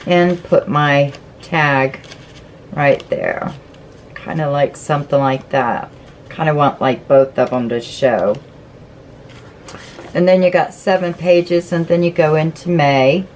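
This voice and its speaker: A woman's voice: low voice, a little mellow, slight background noise, poor audio. A woman hosting a casual craft flip-through, chatty and gushing as she explains each step. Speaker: craft channel host.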